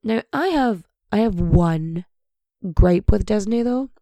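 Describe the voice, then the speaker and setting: A woman in her thirties or forties hosting a podcast in casual, rambling, jokey chat, swearing freely, her voice hoarse, nasal and husky. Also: mid-range voice, lively intonation, slow, mellow, no room sound. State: hoarse, voice partly gone. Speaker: podcast host.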